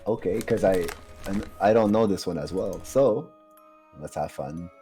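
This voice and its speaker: A man's voice: deep voice, unhurried, mellow, faint music behind. A man co-hosting a live stream, chatting playfully with frequent laughter and then reading a horror story aloud. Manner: laughs often, playful teasing.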